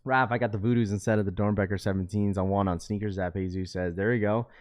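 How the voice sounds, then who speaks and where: A fast-talking young man with a steady tone runs a casual live stream, voicing viewer comments and bantering back in slang. His voice rises loud and high as he gets worked up.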